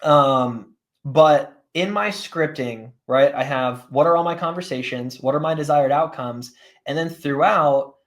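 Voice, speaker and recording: A man teaching a live coaching session in a somewhat high-pitched voice. He speaks plainly and casually, leans on everyday examples, and keeps asking "right?" to pull his listeners along. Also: a little slow. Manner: conversational, often checks in with "right?" and "guys". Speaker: sales coach.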